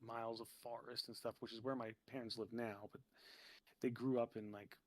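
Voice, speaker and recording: A man's voice: mid-range voice, little pitch movement, no echo. A man from New Jersey chatting as a podcast guest, rambling and saying "like" a lot. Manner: rambling, peppered with "like", quick laughs. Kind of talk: casual chat.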